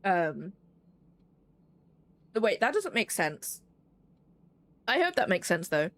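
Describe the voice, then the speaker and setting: A woman's voice: mid-range voice, sing-song, slow pace, a bit bright. A woman streaming a puzzle game, chatting casually and poking fun at herself as she plays. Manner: chatty, self-deprecating, rambling with fillers. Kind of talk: casual gameplay commentary.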